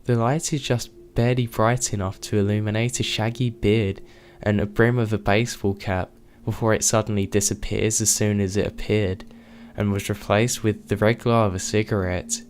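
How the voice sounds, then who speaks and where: A man narrating true scary stories in a measured, scripted storytelling delivery. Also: on the low side, flat delivery, darkish tone.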